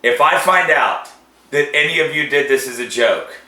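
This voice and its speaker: Lively joking man in an echoey room. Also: on the high side. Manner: animated, joking, drawn-out reactions. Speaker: show host. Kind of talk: casual food-tasting chat.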